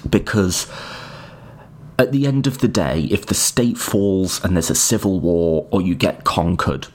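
A man's voice: low voice, measured pace. A man giving a casual, informal lecture on political ideas and answering listener questions, hedging often and swearing now and then. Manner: occasionally swears.

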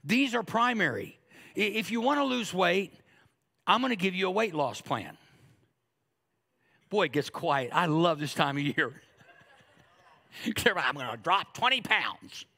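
A man's voice: high-pitched, lively intonation, a little slow, vocal fry, long pauses, pushed and bright. A man in his fifties preaching a sermon, joking and acting out little asides in a conversational way. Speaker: pastor.

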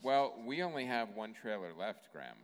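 A man co-hosting a live comedic movie podcast on stage, easygoing and quick to chime in. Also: on the low side, very animated, smooth, big-room sound. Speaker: podcast co-host. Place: stage before a live audience. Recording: live venue with audible crowd.

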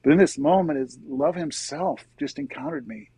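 A middle-aged man, a guest in an interview, earnestly telling his personal faith story in a soft-spoken, conversational way. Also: fairly high pitch, very animated, moderate pace, creaky, slightly rough, no echo, rough recording.

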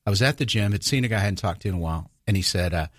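A man in a relaxed faith conversation, telling stories with frequent restarts and quoting others in lifted voices. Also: lowish voice, very fast, dry recording, studio quality. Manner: storytelling, many restarts, acts out quoted voices.

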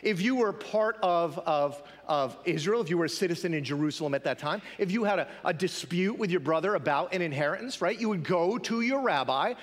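A man's voice: sits high, animated, brisk, hardly any pauses, long reverb tail. A male pastor preaching a sermon in a conversational style, often asking the congregation questions.

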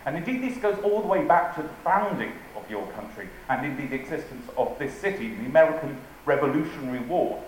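A man's voice: on the high side, animated, quick pace, hardly any pauses, a little hiss or hum. An English man giving a humorous talk on rhetoric to a live audience, with a dry, playful, witty delivery and quotes recited with emphasis. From England. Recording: very echoey hall, faint ambience.

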